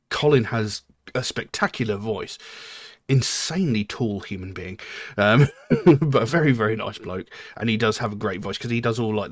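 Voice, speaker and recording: A man's voice: lowish voice, a bit bright, dry recording. A man hosting a music reaction channel, giving casual, rambling commentary full of "you know" and "um".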